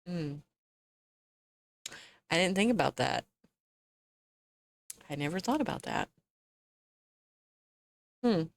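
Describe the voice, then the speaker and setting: A woman's voice: low voice, expressive, slow pace, vocal fry, long pauses, no room sound. Chatty woman streamer, dry close sound. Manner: chatty, laughs often, talks to chat and to herself. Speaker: game streamer. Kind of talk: casual live-stream chat while gaming.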